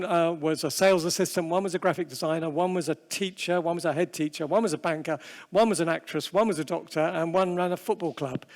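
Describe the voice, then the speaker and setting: Man speaking in a reverberant hall. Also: sits high. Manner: conversational, self-deprecating, with fillers and asides. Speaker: seminar speaker. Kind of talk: prayer and sermon-style seminar talk. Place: large convention hall.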